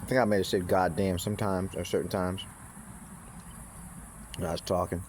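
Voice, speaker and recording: A man's voice: sits low, flat delivery, moderate pace, a little hiss or hum. A man in a rambling, casual monologue who swears freely, circles back on himself and restarts his sentences. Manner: profane, meandering, with frequent restarts and asides.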